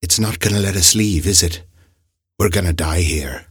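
A man's voice: low-pitched, normal speed, slightly rough, no echo, clean studio sound. A man voicing an anxious young male aide in his twenties, earnest and worried. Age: 20s.

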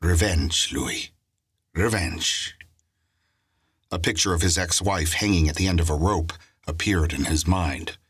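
A man narrating a crime story in a steady scripted audiobook reading. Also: sits low, fairly quick, few pauses, slightly rough, no echo, studio quality.

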